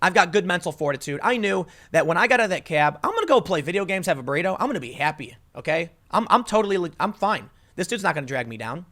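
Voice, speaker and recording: Man, slightly high voice, casual commentary monologue, emphatic, restarts often. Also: quick pace, hardly any pauses. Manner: animated, emphatic storytelling with restarts. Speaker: political commentary host.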